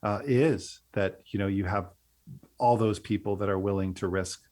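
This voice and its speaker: A middle-aged man being interviewed on a podcast, with a lowish voice. He talks earnestly and at length, stumbling over restarts as he works through his thoughts. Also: normal speed, a little mellow. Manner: rambling, many restarts, earnest. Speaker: guest, company CEO. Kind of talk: casual interview.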